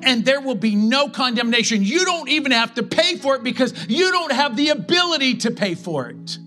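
A man preaching a sermon as pastor, impassioned, with slow dramatic pauses. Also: very high-pitched, big pitch swings, bright, forceful tone, faint music behind.

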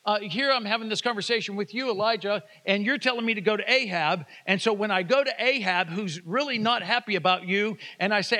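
A man's voice: high voice, brisk, hardly any pauses, sharp tone. A man preaching a sermon, reading scripture and retelling it in casual everyday words, asking the congregation to repeat phrases. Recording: reverberant hall.

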